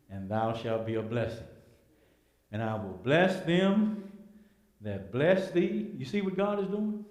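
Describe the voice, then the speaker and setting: A man's voice: mid-range voice, a little mellow. A man teaching a church Bible class, preaching with emphatic repetition and rhetorical questions. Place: church hall. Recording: echoey church hall.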